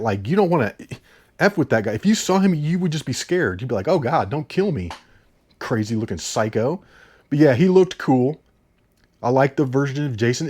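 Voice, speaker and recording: A man's voice: medium pitch, darkish tone, husky. A man ranting through a movie review, exasperated and full of profanity.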